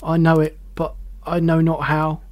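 Fearful pleading old miser, measured and earnest, storybook reading, voiced by the narrator. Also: mid-range voice, monotone, no room sound, dull audio, close to an everyday voice. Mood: urgent. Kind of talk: audiobook character voice.

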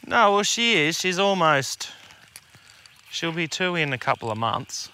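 An Australian man co-hosting a fishing podcast from a boat, easygoing, quick to laugh and cheer each catch. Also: fairly high pitch, big pitch swings, pushed and bright, clear, resonant tone. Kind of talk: casual banter while fishing. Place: outdoors on a boat on a river.

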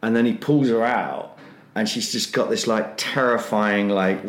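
A man with a somewhat low voice spins a comic anecdote in a meandering, filler-heavy way, breaking into the voices of the people in his story. The recording has a noticeable roomy echo. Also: unhurried. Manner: animated, loose storytelling full of fillers, acting out other people's voices. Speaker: comedian and podcast co-host.

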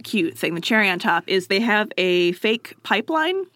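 A woman telling a history story to a friend in a casual, joking chat, quick to drop into silly voices. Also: medium pitch, big pitch swings, a bit bright.

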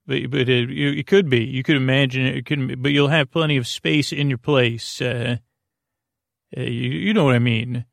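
A man hosting a bedtime podcast, talking in a meandering, self-interrupting way with deadpan jokes and a creaky voice. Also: medium pitch, dry recording, studio quality. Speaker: podcast host. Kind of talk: rambling bedtime podcast monologue.

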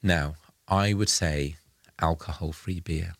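A man, a podcast guest, talking in a dry, deadpan, rambling way with restarts. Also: low voice, takes it slowly, dry recording. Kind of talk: casual chat.

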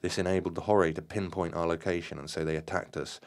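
A man's voice: sits low, flat delivery, fast. A man voicing the leader of a spiritual group, giving urgent, firm instructions in a story he reads aloud.

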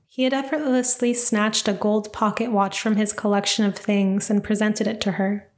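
A woman narrating a first-person story in an even, reflective reading voice. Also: medium pitch, normal speed.

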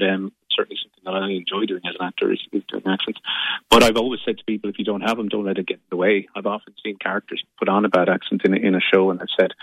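Deep fast man on a phone line. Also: no echo. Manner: hesitant, full of fillers and restarts. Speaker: actor, studio guest. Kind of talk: radio interview.

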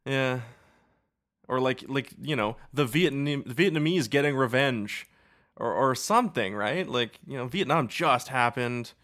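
A man with a bright voice trades jokes on a podcast. He is sarcastic and casual, and "like" runs through nearly every sentence. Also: mid-range voice, unhurried. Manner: joking, sarcastic, lots of "like". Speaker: podcast co-host. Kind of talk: casual chat.

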